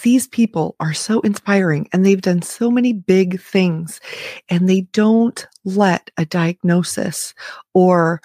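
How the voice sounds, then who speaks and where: A woman's voice: on the low side, takes it slowly, warm tone, dry recording, studio quality. A woman giving an enthusiastic, emphatic motivational talk to her viewers in a conversational way. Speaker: motivational vlogger.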